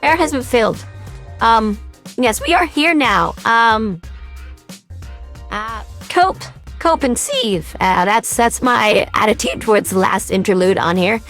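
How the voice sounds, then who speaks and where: A woman's voice: on the high side, expressive, unhurried, fairly bright tone, soft background music. A woman hosting a casual podcast chat, playful and giggly, making silly sound effects. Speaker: podcast host.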